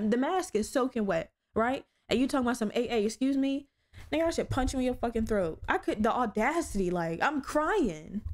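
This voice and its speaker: A young woman hosting her own podcast, telling stories in a blunt, profane, animated way. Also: fairly high pitch. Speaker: podcast host. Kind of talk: casual solo podcast chat.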